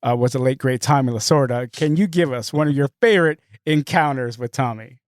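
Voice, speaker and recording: A man hosting a casual sports podcast, asking relaxed questions and giving brief reactions. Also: mid-range voice, brisk, no room sound. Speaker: podcast host. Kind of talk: casual interview.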